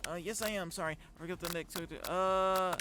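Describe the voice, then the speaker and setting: A man's voice: high voice, steady tone, moderate pace, pushed and bright, a little hiss or hum. A man streaming a dating-sim game, reading the text aloud and reacting with laughter and lots of fillers. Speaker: gaming streamer.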